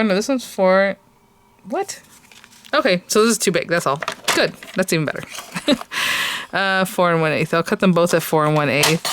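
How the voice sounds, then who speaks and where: A woman's voice: low-pitched, background noise. A woman hosting a casual crafting tutorial, chatting and thinking aloud with plenty of hesitant fillers.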